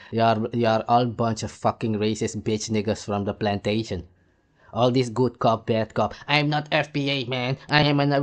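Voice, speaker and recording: Angry man ranting with rhetorical questions. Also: mid-range voice. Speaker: commentator reacting to clips. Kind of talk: heated profane rant.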